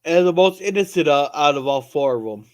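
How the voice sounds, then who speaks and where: A man's voice: a little high, animated, a little fast, clear, resonant tone. A man chatting on a panel, joking playfully. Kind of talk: casual chat.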